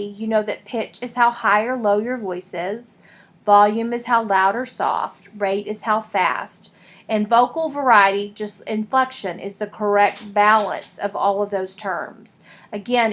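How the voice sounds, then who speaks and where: A woman teaching a public speaking class in a recorded lecture, explaining things plainly with frequent ums. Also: medium pitch.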